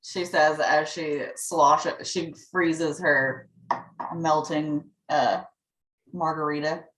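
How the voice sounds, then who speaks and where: Slow, drawling woman in a roomy echo. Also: sits low, steady tone, fairly bright tone. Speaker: player. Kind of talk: playing a tabletop game in character.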